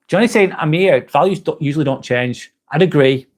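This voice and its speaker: A man's voice: fairly high pitch, a little fast. A man hosting a live stream, chatting casually, reading viewer comments aloud and swearing now and then.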